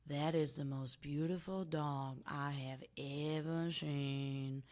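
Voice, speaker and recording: A woman voicing a smitten male dog in an odd, unplaceable put-on accent, speaking slowly and dreamily, a little away from the mic. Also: deep voice, fairly even intonation, a little mellow, voice pushed down.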